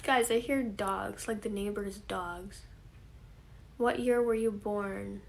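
A 21-year-old woman hosting a casual live stream, reading viewer comments aloud and answering them in a relaxed way. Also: medium pitch, slow pace, creaky, a little hiss or hum. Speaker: livestream host. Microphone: phone camera.

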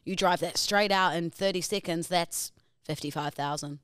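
A woman's voice: on the low side, normal speed, fairly bright tone, clean tone, dry recording. A young woman trades playful jabs as a podcast co-host. Her voice sits close and dry, with no room around it. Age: 20s. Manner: playful, teasing banter. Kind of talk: casual chat.

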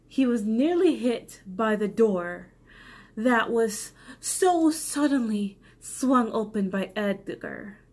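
A tipsy woman reading her own old story aloud, breaking off for rambling, self-mocking commentary. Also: medium pitch. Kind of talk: casual comic read-aloud with asides.

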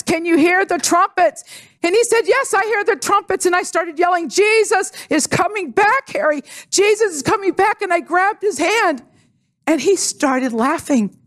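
A woman associate pastor preaching a sermon, praying, reading scripture and telling a personal story with lively acted-out dialogue. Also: fairly high pitch. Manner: animated storytelling, acting out dialogue. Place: church sanctuary.

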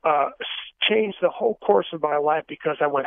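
A man's voice: a little high, brisk, dry recording. An older man giving a rambling personal testimony on a Christian radio show, full of fillers and restarts. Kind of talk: casual testimony storytelling. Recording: dry, tinny phone-line sound.

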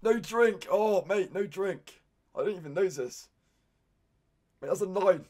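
A British man streaming live, reacting to viewers' meals with excited outbursts and constant "mate". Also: high voice, unhurried, a little hiss or hum.

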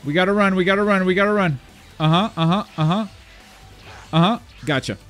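A man commentating his own online game as he plays, talking to himself, muttering asides and then yelping loudly when things go wrong. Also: sits high, brisk, soft background music. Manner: excitable, swings from mumbled asides to loud yelps. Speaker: gaming YouTuber. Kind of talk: live gameplay commentary.

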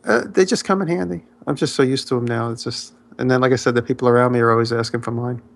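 A man co-hosting a podcast, telling a long, rambling story in casual chat, his voice jumping up in pitch when he gets excited. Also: fast talker, vocal fry. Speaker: podcast co-host.

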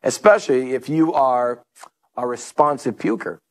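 A man's voice: medium pitch, normal speed. A male pastor preaching a sermon, telling stories and acting out the people in them. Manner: storytelling preacher, animated, acts out quotes.

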